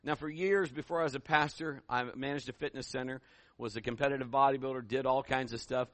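A middle-aged man preaching a sermon as pastor, telling stories and acting out voices, building to loud emphatic peaks. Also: medium pitch, steady tone, quick pace, no echo.

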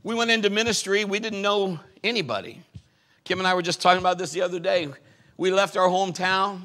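A middle-aged male pastor preaching a sermon and telling stories from his life, pressing his key points with sudden bursts of loudness. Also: high voice, steady tone, a little fast. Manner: emphatic, swells loudly on key points. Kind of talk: sermon with personal storytelling.

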